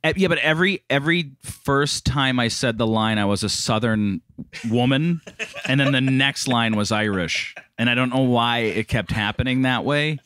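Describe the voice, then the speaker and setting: Casting: man with a mid-pitched voice, dry close sound, rambling and self-mocking storyteller. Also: moderate pace, fairly bright tone, no room sound. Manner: rambling, swears, self-deprecating. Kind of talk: casual storytelling.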